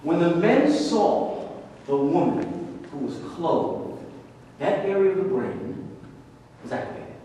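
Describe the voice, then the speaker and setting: A man's voice: on the high side, sing-song, takes it slowly, long pauses, mellow. A man teaching a religious class in a casual, conversational way, repeating key phrases and asking rhetorical questions. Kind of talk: lecture to a class. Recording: very echoey hall, far from mic, noisy.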